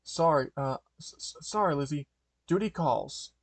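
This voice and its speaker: A man's voice: a little high, expressive, unhurried, no echo. A man voicing a heroic male superhero dog, earnest and a bit stammering, raising his voice for hero lines.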